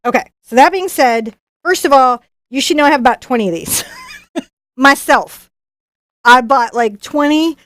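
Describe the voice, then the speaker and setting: A woman's voice: sits high, dry recording, studio quality. A woman, a professional artist, hosting a live unboxing, chatting in a bubbly, gushing way. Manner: bubbly, gushing, quick bursts of excitement. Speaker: professional artist and YouTube host.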